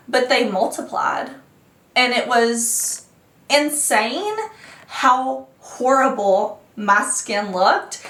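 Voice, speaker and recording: Chatty beauty vlogger lady, high voice, roomy echo, acting out her reactions. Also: recorded from a distance. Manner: animated, acts out her own reactions in a dramatic voice. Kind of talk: casual makeup review. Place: makeup room at home.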